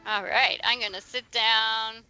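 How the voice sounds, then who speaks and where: High, slow-talking woman gamer. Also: fairly even intonation, pushed and bright, clear, resonant tone, faint music behind. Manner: chatty, laughing, stammers. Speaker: player. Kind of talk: playing a tabletop game.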